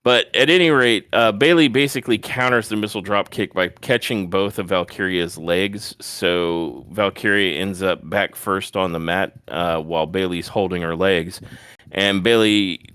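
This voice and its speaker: A man with a low, smooth voice walks through a wrestling match move by move in casual podcast chat. He breaks off for animated asides. The sound is dry and close to the mic. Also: moderate pace, dry recording. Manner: detailed play-by-play retelling, animated asides. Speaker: podcast co-host.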